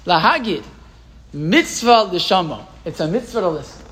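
A man with a high, light voice teaches a Torah class to a live group. He keeps it conversational and asks the room questions. He also reads passages from old texts aloud and then translates them. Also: very animated, normal speed, a bit bright, low-quality recording.

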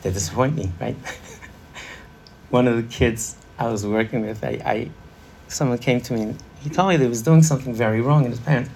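A man's voice: medium pitch, a little fast, creaky, a little mellow, slight background noise. A middle-aged man leading an interactive parenting workshop, chatty and laughing, quizzing a live audience.

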